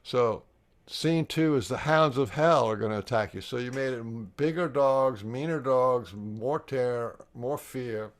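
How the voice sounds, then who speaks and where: A man leading a live online healing workshop, explaining the steps earnestly and pausing often to restart and repeat his words. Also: mid-range voice. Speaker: workshop facilitator.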